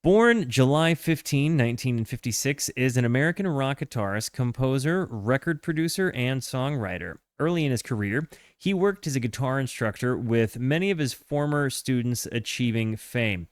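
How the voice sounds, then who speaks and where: A man hosting a music reaction stream, reading notes aloud and chatting with his viewers, halting and full of fillers. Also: medium pitch, lively intonation, dry recording, clean studio sound. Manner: chatty, halting, with frequent fillers and self-corrections; hearty shout-outs to chat. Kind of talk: casual live-stream chat and reading aloud.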